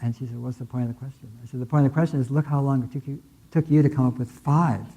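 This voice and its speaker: A man's voice: mid-range voice, steady tone, quick pace, mellow, slightly rough, low-quality recording. An older man giving a conference keynote, telling stories conversationally with many fillers and restarts. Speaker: keynote speaker. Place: lecture hall.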